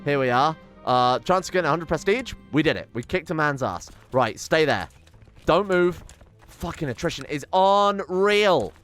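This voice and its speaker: A young man commenting on his strategy game, excitable and sweary, muttering to himself as he plays. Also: fairly high pitch, moderate pace, soft background music. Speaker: gaming channel host. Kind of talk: let's play commentary.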